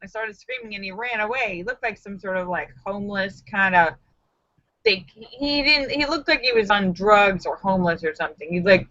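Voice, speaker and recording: A woman's voice: mid-range voice, a bit bright, lo-fi sound. A woman hosting a casual live stream, chatting with viewers in a sassy, joking, self-mocking way.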